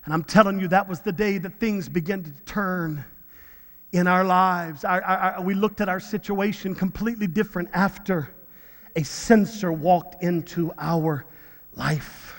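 A man's voice: high-pitched, steady tone, measured pace, big-room sound. A man preaching a sermon, telling a personal story earnestly, often repeating and restarting his words. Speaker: pastor.

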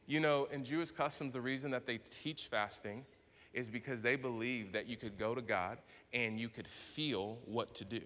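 Man, pastor, sermon, bright forceful voice, conversational preaching, acted-out dialogue, long church reverb. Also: mid-range voice, moderate pace. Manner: conversational preaching, acts out dialogue, rises to loud bursts. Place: church sanctuary.

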